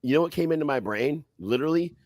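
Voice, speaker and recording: A man on a podcast telling a wild fight story in a profane, animated way, acting out other people's voices loudly. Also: fairly high pitch, fast, no room sound, clean studio sound. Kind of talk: casual storytelling.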